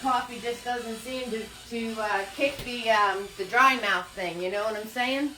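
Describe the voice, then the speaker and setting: A woman with a New Jersey accent who drops her R's, leading a live painting class, chatty and quick to laugh as she greets viewers by name. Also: a little high, pushed and bright, a little hiss or hum, low-quality recording. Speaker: painting instructor.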